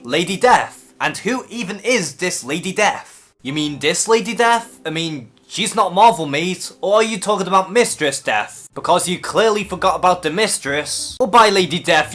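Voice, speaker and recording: Young Scouse male YouTube host, bright and forceful, blunt with plenty of swearing. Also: on the high side. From England. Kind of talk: comment response commentary.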